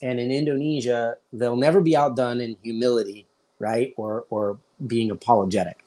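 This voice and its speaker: An American man hosting a casual podcast conversation. He tells stories in a loose, chatty way, and he switches into quick put-on voices for the people he quotes. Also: mid-range voice, fairly even intonation, mellow. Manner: storytelling, acts out quoted voices. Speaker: podcast host.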